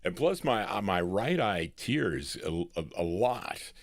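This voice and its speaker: A man's voice: low-pitched, sing-song, slow pace, no room sound, studio quality. A man hosting a live oldies record show, chatting in rambling asides between records. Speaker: radio show host. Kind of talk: live radio DJ patter.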